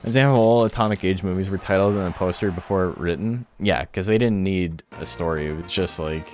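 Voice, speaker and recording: Very deep-voiced laid-back male streamer. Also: fairly quick, darkish tone, faint music behind. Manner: laid-back, rambling, swears casually. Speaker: streamer commentating a game tournament. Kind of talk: casual stream chat.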